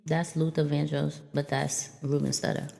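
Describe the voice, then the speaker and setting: A woman's voice: sits low, little pitch movement, moderate pace, creaky, dark tone, big-room sound. A woman giving a casual spiritual oracle reading to her viewers, rambling and chatty and addressing them as y'all. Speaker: spiritual reader.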